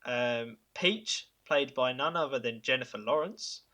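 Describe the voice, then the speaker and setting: A man hosts a casual podcast, enthusiastically pitching ideas in a bright, forward tone. His mid-range voice is full of halting fillers and chuckles.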